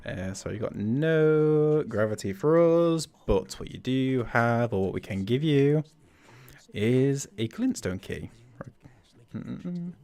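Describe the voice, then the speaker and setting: A man's voice: mid-range voice, animated, slow, mellow. A man chatting through a game livestream, thinking aloud and laughing often. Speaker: streamer. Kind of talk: livestream gameplay commentary.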